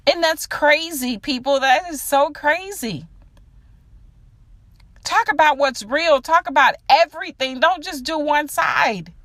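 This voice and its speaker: A woman's voice: high voice, pushed and bright, no room sound. A woman hosting her own podcast, delivering a blunt, profane opinion monologue straight to her listeners. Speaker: podcast host.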